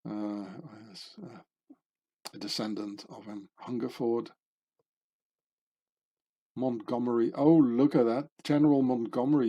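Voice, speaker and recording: A man's voice: mid-range voice, mellow. A man giving casual commentary as he reads through a list of names, musing and rambling, trailing off with fillers and correcting himself. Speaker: video commentator.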